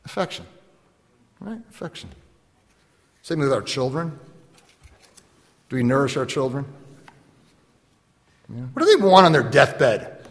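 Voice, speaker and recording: Animated pastor preaching in a reverberant hall. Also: male voice, mid-range voice, measured pace, long pauses. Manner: animated, acts out little dialogues, laughs often. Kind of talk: sermon.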